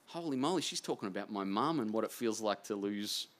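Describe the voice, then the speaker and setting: Excitable rambling Australian man. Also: lowish voice, a little fast. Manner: excitable, rambling, self-deprecating. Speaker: author guest. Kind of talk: casual interview chat.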